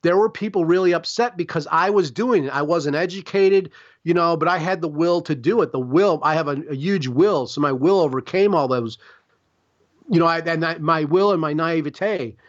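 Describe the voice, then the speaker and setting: A man's voice: a little high, normal speed, lo-fi sound. A man from Chicago, a guest on a podcast interview, talking in a rambling, emphatic and profane way. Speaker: guest artist.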